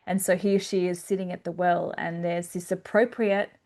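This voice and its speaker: A woman's voice: lowish voice, flat delivery, normal speed, a little mellow. A woman hosting a podcast, talking in a thoughtful, hesitant way with fillers. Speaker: podcast host. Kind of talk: casual conversation.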